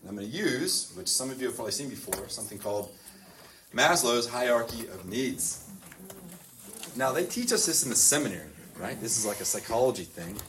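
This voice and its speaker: A man, a priest speaking to a group of boys at his school, in an easygoing, rambling way full of "like" and quick laughs. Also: medium pitch, very animated, fairly bright tone, far from the mic, a little hiss or hum. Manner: chatty, full of "like" fillers, laughs often. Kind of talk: informal talk to a youth group. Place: boys' school in the US South.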